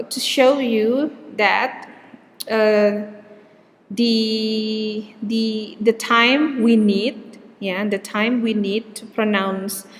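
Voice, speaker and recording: Woman, Indonesian accent, lecturer: slow, patient explanation full of fillers, reverberant room. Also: medium pitch, a little hiss or hum. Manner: explanatory, with frequent fillers and self-corrections. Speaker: linguistics lecturer. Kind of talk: recorded online lecture.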